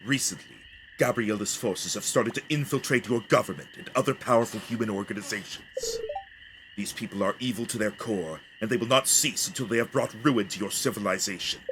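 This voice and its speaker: A man voicing a stern male spirit guardian in a video game, speaking in a measured, solemn way. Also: lowish voice, voice pushed down, lightly acted. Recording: steady background noise.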